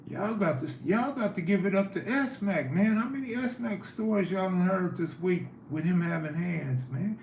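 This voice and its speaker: This male host's voice is high and expressive with a darkish tone, moving at a moderate pace with hardly any pauses. He chats casually on a livestream, reacting to viewer comments. The recording comes from an echoey room with faint background noise.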